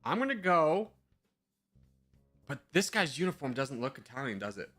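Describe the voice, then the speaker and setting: A man's voice: medium pitch, very animated, moderate pace, fairly bright tone, soft background music. A male streamer in casual live-stream commentary, thinking aloud in a chatty, self-mocking way.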